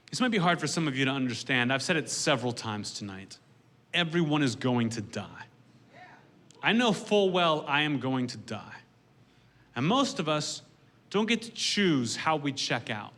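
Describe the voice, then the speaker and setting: A man doing a stand-up set, delivering dark jokes in a dry, deadpan way. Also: mid-range voice, normal speed. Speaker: stand-up comedian.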